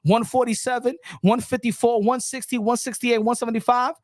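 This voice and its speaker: Excitable male boxing pundit. High voice, dry close recording, ranting delivery. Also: fairly quick, dry recording. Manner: excitable, ranting, with repeated restarts. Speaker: boxing commentator. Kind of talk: animated boxing commentary.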